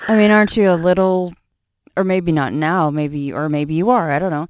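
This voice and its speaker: Smooth dry-voiced interview host. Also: mid-range voice, moderate pace, no echo. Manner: prompting, follow-up questions. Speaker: radio show host. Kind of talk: interview questions.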